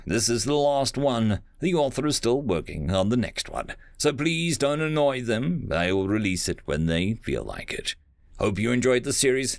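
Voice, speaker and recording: A man narrating a story aloud in a lively, expressive reading. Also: medium pitch, no echo, studio quality. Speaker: audiobook narrator.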